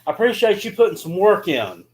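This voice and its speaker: A man's voice: high voice, very animated, a little fast, low-quality recording. A man co-hosting a casual sports talk show, rambling and laid-back.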